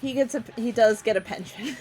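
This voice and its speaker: A woman's voice: on the high side, normal speed, a little mellow, faint music behind. A woman co-hosting a game stream in casual chat, laughing often and hard. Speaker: streamer co-host. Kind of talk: casual chat over gameplay.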